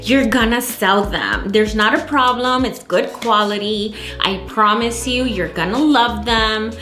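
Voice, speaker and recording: A woman putting on a high wheedling pushy saleswoman. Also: unhurried, bright, forceful tone. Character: pushy insistent female overseas supplier. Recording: echoey room, faint music.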